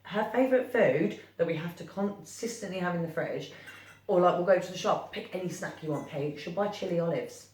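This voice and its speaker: A woman's voice: fairly low pitch, brisk, darkish tone. A young woman and podcast co-host, talking in a blunt, casual way and swearing freely. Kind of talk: casual chat. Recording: roomy, distant mic.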